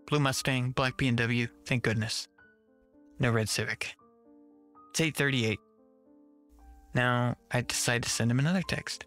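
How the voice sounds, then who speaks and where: A man narrating a first-person horror story with a tense, measured reading. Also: medium pitch, a bit bright, soft background music.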